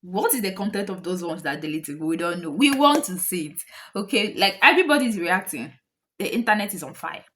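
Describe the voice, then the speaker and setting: A woman's voice: fairly low pitch, expressive, a little fast, fairly bright tone. A woman with a Nigerian accent, hosting a casual reaction commentary and chatting directly to her viewers as family, repeating points for emphasis. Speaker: commentary host.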